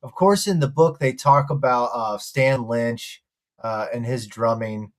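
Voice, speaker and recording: A man's voice: mid-range voice, measured pace. A man co-hosting a casual talk show, enthusiastic as he recommends things. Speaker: co-host. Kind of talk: casual chat.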